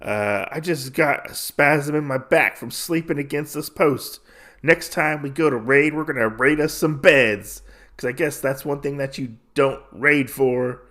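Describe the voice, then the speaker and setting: A man voicing a gruff, self-important male general who scolds his men. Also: mid-range voice, measured pace, fairly bright tone, lightly acted. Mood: irritable.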